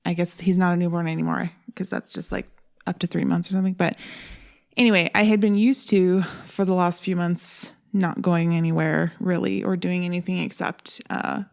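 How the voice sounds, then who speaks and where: A young woman and new mother co-hosting a podcast, talking in a thoughtful, measured, self-reflective way. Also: fairly low pitch, fairly even intonation, gravelly, darkish tone. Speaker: podcast co-host. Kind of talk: casual chat.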